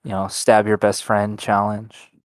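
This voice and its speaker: Teasing young man, lowish dry voice. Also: completely flat delivery, measured pace, dry recording. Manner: teasing, argumentative. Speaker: podcast co-host. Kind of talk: casual banter.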